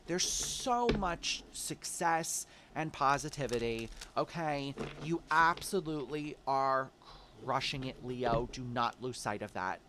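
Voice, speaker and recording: A man's voice: mid-range voice, slow pace, few pauses, sharp tone, a little hiss or hum. Chatty encouraging man reading tarot. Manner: chatty, encouraging, calls listener babe. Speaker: tarot reader.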